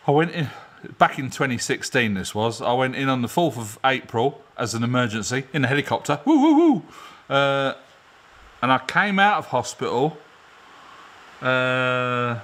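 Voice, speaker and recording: A man's voice: medium pitch, fairly bright tone. Chatty man in his garage. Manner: rambling, chatty, laughs often. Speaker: garage channel host. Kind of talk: casual live-stream chat. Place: home garage.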